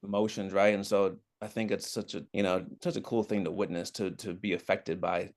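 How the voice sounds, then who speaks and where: A man from outside Boston with a Boston accent, a guest chatting casually on a podcast, talking in halting bursts with many restarts. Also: sits low, little pitch movement, a little mellow. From outside Boston, USA. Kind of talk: casual chat.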